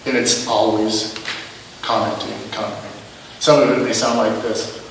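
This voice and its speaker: A man's voice: lowish voice, flat delivery, moderate pace, background noise. A male minister giving a sermon in a conversational, self-mocking way, asking rhetorical questions. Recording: echoey hall, mic at a distance.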